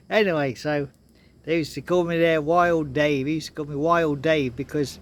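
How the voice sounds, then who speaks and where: An older man tells stories to his viewers in a loose, rambling way, with frequent chuckles between lines. His voice sits slightly higher than most men's. He talks casually and comfortably to camera. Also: steady tone, normal speed. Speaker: vlogger.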